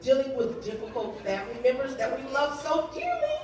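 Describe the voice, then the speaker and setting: A woman preaching a sermon, leading the congregation in call and response with lively humor. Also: high voice, fairly quick, crowd noise. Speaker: youth day speaker. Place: church sanctuary. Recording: echoey hall, voice from far off.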